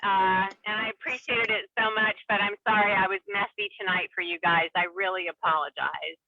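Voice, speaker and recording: Animated woman on a tinny phone line. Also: medium pitch, a little fast. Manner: animated, laughing storyteller. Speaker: guest comedian. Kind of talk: casual chat with storytelling. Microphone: phone call.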